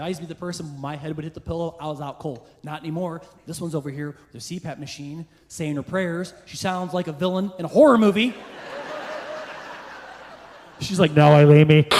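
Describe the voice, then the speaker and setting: A man's voice: a little high, slight background noise. A middle-aged man performing a stand-up comedy set, chatty and teasing the crowd with wry asides. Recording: reverberant live room, faint ambience.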